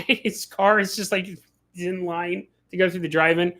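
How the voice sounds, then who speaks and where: A man hosting a casual livestream, telling animated stories, acting out the people he quotes and laughing often. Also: high voice, measured pace. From California. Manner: laughs often mid-sentence. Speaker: podcast host.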